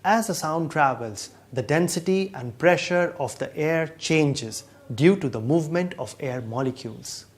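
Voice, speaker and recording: A man's voice: a little high, animated, a little slow, few pauses, slightly rough. A man patiently explaining sound waves in a scripted educational dialogue. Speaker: science explainer.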